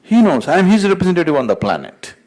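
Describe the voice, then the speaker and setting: A man's voice: high-pitched, big pitch swings, fast talker, darkish tone, pitched above the performer's own voice. A man voicing an indignant, self-important Pope turned away at heaven's gate, talking with pompous outrage. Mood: insistent.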